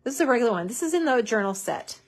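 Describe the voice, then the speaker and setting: A woman's voice: on the high side, sing-song, rapid-fire, husky. A woman hosting a live crafting tutorial, chatty and bubbly, with many fillers.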